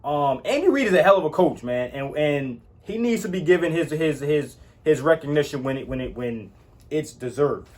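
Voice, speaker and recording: Man, slightly high voice, emphatic, repetitive, casual sports commentary. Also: lively intonation, moderate pace, darkish tone. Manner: emphatic, repetitive, says "all right?" often. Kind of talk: casual sports opinion talk.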